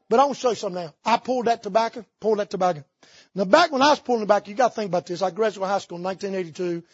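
A man preaches from the pulpit, spinning folksy stories. His voice sits high and a bit husky. The sound is dry and dull, with a muffled, lo-fi edge. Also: animated, racing, no room sound. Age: 50s. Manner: folksy storytelling with Southern idioms. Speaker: pastor. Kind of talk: sermon. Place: church sanctuary.

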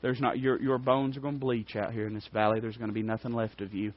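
A man's voice: medium pitch, little pitch movement, fast talker, highs cut off, pitched below the performer's own voice, lightly acted. A man preaching, voicing an arrogant giant warrior who taunts. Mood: threatening. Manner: taunting, scornful.

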